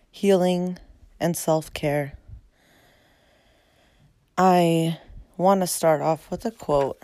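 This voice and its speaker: A woman hosting her own podcast, reflective and heartfelt, her voice raspy after a long day. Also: low voice, dark tone, dry recording. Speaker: podcast host. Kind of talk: personal podcast monologue.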